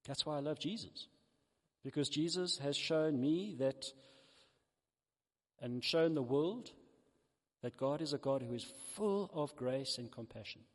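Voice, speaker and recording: A high-voiced male preacher tells a parable in his sermon, animating the story and taking on the characters' voices. He speaks unhurriedly with frequent pauses, his words ringing through the long reverb of a large hall.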